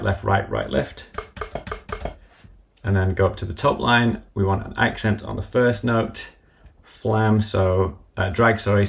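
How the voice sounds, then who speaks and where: A man with a low, gravelly voice gives a live-streamed software tutorial. He works at his computer and talks methodically through each step as he goes. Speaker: app developer demonstrating software.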